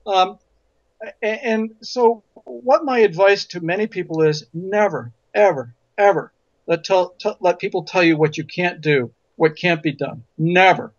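High-voiced man, emphatic, lo-fi audio. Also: a little slow, no echo. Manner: emphatic storyteller who repeats words for stress. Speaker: physician and guest. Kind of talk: interview conversation. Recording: dull lo-fi audio.

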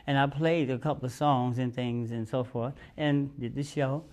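A man's voice: medium pitch, moderate pace. A man telling a long anecdote in a TV studio interview, acting out the voices of people in his story and laughing often. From United States. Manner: animated, acts out quotes, laughs often. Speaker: guest musician. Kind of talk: casual storytelling.

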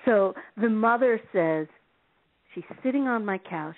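A woman telling stories as a guest on a call-in show, lively and expressive, acting out the people in her stories and laughing often. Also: mid-range voice, a little slow. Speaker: relationship advice author, guest. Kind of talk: animated storytelling on a call-in radio show. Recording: phone-line sound.

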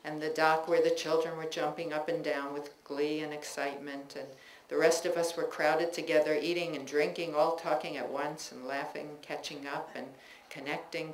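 A woman reading her own personal essays aloud to an audience in a bookstore, measured and reflective, with chatty asides between pieces. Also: sits low, little pitch movement, background noise. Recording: echoey room recording with faint ambience.

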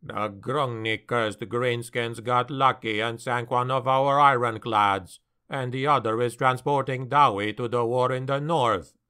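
A man's voice: medium pitch, steady tone, measured pace, sharp tone, clean tone. A man voicing a blunt, weathered male dwarf sailor who talks in a matter-of-fact way, for an audiobook.

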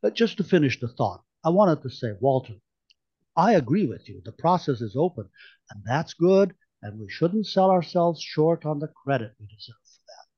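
A man's voice: a little high, sing-song, normal speed, slightly rough, lo-fi sound. A man voicing an earnest, idealistic young man who speaks hesitantly, groping for words.

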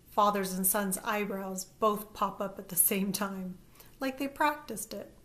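A woman narrating a first-person story as an audiobook, in a lively, expressive way. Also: mid-range voice, measured pace.

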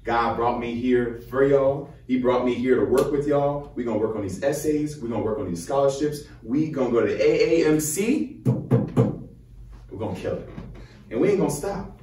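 A man in his twenties from Chicago with a Chicago accent, giving a motivational, preacher-like speech to high schoolers. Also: moderate pace, warm tone, soft background music. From Chicago, USA. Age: 20s. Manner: fired-up, preacher-like call and response. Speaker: medical student speaking to high schoolers. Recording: roomy echo, from far off.

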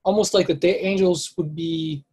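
Husky man teaching scripture haltingly. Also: high-pitched, fairly even intonation, a little mellow, low-quality recording. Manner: hesitant, self-correcting, thinks aloud with many fillers. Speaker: Bible study teacher. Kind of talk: casual unscripted scripture lesson.

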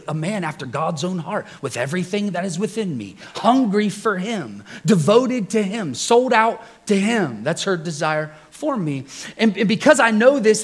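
A man preaching to a church congregation in a loose, joking style. His voice sits fairly high and swings widely as he tells stories, chuckling and tossing questions to the listeners. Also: slightly rough. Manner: jokey, chuckles often, asks the congregation questions. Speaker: pastor. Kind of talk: conversational sermon with personal stories. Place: church service before a congregation.

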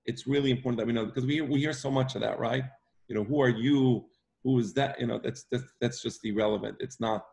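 A man teaches an online Talmud class emphatically, repeating himself and stressing points by checking in with "right?" His medium-pitched voice has vocal fry and a darkish tone.

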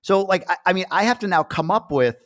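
A man's voice: high voice, quick pace, no room sound, clean studio sound. Chatty man in his forties hosting. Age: 40s. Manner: chatty, animated, acts out quoted voices. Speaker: podcast host. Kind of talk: casual interview chat.

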